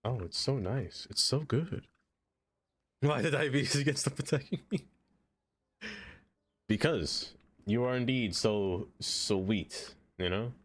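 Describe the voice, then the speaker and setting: A man streaming a game live, chatting casually with his viewers, laughing often and jumping into high excited exclamations. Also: takes it slowly, long pauses. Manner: chatty, laughs often, talks straight to chat.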